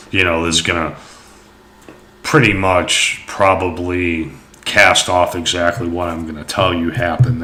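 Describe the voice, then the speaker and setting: A young man tells a personal story casually, rambling and swearing with plenty of fillers. His voice is very low but bright and forceful. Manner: rambling, profane, many fillers.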